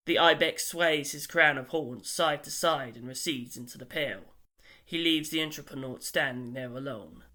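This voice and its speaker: A man narrating an audiobook in a measured, wry storytelling manner. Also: a little high, bright, forceful tone.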